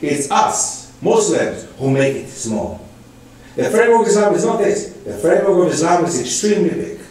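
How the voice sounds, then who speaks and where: A man's voice: high voice, animated, moderate pace, a little mellow, slight background noise. A man giving a public lecture, emphatic and full of rhetorical questions. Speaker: guest lecturer. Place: lecture hall. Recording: echoey hall from far off.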